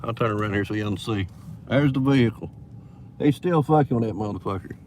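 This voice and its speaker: A man's voice: fairly low pitch, a little fast, a little mellow. Man vlogging from his car, profane storyteller, noisy outdoor phone audio. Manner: profane, rambling, quotes others with "I said, he said". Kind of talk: casual storytelling vlog. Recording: noisy phone recording near traffic.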